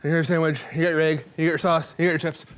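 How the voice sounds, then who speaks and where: A man's voice: on the high side, level tone, rapid-fire, fairly bright tone. A man hosting a cooking show, chatting in a rambling, self-mocking, nervous-joking way. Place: studio kitchen.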